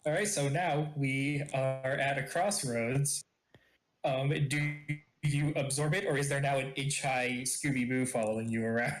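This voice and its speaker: A man running a tabletop game as game master, relaxed and joking as he narrates. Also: medium pitch, unhurried, echoey room, faint music behind. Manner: relaxed, joking, laughs often.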